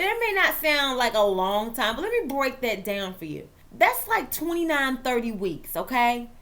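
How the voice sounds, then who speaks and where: A woman hosting a chatty football vlog, playful and dramatic. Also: a little high. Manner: lively, playful, dramatic asides. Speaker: vlog host and author.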